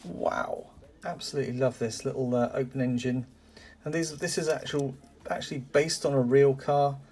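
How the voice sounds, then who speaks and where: The man speaks at medium pitch and a moderate pace, his intonation fairly even and his tone darkish. As a toy car collector reviewing a parcel, he unboxes die-cast cars in a casual, enthusiastic chat full of exclamations and "uh" and "um."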